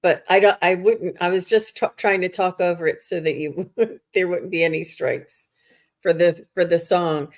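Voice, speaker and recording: Chatty low-voiced woman psychic. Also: normal speed. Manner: chatty and reassuring, greets viewers by name. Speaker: psychic medium guest. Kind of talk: live-stream psychic reading chat.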